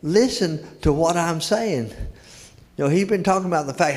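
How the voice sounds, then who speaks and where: A man's voice: on the high side, moderate pace. An older man preaching a sermon in a church, telling stories in a folksy way and repeating key words for emphasis. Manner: folksy storytelling, emphatic repetition. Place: church sanctuary. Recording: long reverb of a church hall.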